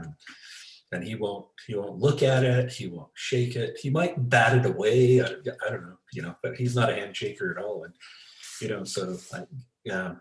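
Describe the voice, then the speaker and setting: A man being interviewed as an expert, telling stories in a relaxed way and acting out the voices of the people in them. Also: fairly low pitch, echoey room, rough recording. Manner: storytelling, acts out quoted voices, many restarts. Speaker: guest expert. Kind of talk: conversational interview storytelling.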